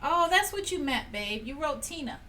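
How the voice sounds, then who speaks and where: High-voiced woman chatting on a live stream. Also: lively intonation, normal speed, pushed and bright. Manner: chatty and cheerful, laughs often, talks straight to viewers. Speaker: host of a live painting stream. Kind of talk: casual live-stream chat, running a prize drawing. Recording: a little distant from the mic, faint room noise.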